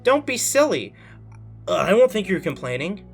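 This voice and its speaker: A man's voice: high-pitched, big pitch swings, normal speed, gravelly, faint music behind, exaggerated voice. A man reading the lines of a cheerful teenage club president aloud from a visual novel, plainly and with small stumbles. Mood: reassuring.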